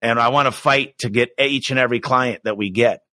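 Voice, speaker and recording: Telling stories in a podcast interview, an American business owner comes across as energetic, animated and enthusiastic. He speaks briskly in a mid-range voice, and there's no echo.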